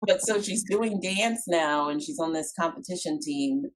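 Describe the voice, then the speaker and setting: A middle-aged woman, a guest coach, chatting on a podcast and telling stories with animated acted-out dialogue. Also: on the low side, rough recording. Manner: animated storytelling, acts out quoted dialogue. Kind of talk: casual podcast chat.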